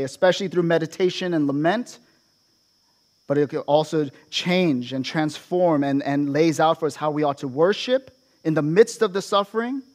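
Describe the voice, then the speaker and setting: A male pastor preaching an expository sermon, often checking in with the congregation with a quick "right?". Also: fairly high pitch, a little mellow.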